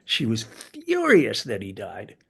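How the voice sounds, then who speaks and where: An older man, a podcast guest, telling personal stories in a casual interview, with sudden leaps in pitch and loudness as he gets into them. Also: takes it slowly, vocal fry, slightly rough. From United States. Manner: animated storyteller, sudden jumps in pitch and loudness.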